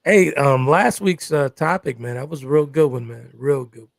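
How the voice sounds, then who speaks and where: A man with a deeply gravelly, crackling voice, pitched a touch above the usual for men, hosting a live relationship talk show. He speaks emphatically and keeps circling back to the same phrases. The sound is dry and close to the mic. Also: animated, normal speed, dry recording. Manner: emphatic, repeats phrases like "exactly" and "good stuff".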